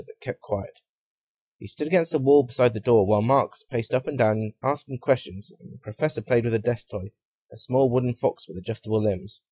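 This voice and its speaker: A man reading a comic detective story aloud with a wry, expressive delivery. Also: mid-range voice, slightly rough, no echo.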